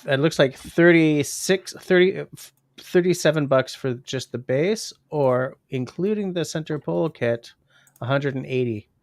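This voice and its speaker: A man's voice: on the high side, normal speed, no room sound. Rambling fifty-year-old man, dry sound. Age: 50s. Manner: rambling, reads viewer comments aloud. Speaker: livestream host. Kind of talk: casual livestream chat.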